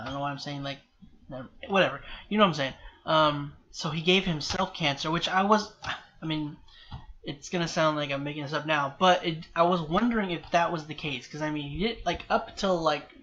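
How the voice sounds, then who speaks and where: A man's voice: fairly high pitch, moderate pace, bright, forceful tone. A man rambling through a TV episode reaction, restarting and correcting himself and apologizing often. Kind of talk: rambling solo reaction commentary. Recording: slightly dull lo-fi sound with faint background hiss.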